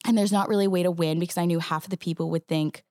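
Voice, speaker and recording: Chatty actress with a lowish voice. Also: female voice, dry recording, clean studio sound. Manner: chatty, animated storytelling with quick restarts. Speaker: stage actress, guest. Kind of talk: casual interview chat.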